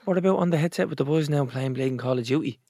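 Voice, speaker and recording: Irish guy ribbing his mate on a podcast, talks quick, dry mic. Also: a little high, mellow, no echo. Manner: teasing, quick comebacks. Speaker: podcast co-host. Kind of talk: casual banter.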